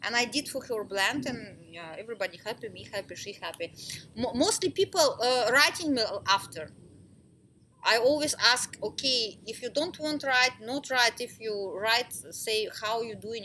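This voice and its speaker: A woman with a bright, fairly high voice gives an informal talk to a small group about essential oils. She speaks in lively, simple, broken English and laughs easily between points. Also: slight background noise.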